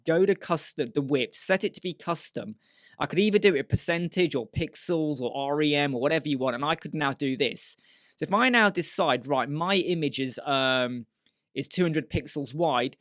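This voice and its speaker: A man's voice: fairly high pitch, fairly bright tone, no room sound, clean studio sound. Chatty man walking through a tutorial. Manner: chatty, explains step by step, voices imagined viewer questions. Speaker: web design tutor. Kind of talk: screen-share software tutorial.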